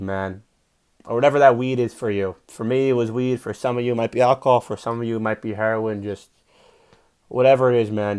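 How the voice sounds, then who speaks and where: A man's voice: fairly low pitch, clear, resonant tone. Profane fired-up young comedian man. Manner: profane, rambling, gets loud and fired up when preaching. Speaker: comedian and podcast host. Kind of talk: casual storytelling monologue.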